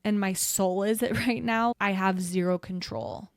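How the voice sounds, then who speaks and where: A young woman with a gravelly, creaky voice, co-hosting a podcast. She talks with warmth toward her friend and reaches for dramatic, vivid images. The sound is close and dry. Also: medium pitch, fairly even intonation, measured pace, no echo. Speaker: podcast co-host. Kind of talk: supportive conversational podcast chat.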